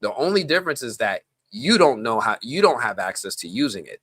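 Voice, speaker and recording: A man's voice: mid-range voice, a little fast, few pauses, slightly rough, no echo. A man from the Bronx hosting a live stream, chatting casually and rambling off on tangents. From the Bronx, New York. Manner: animated, rambling, goes off on tangents.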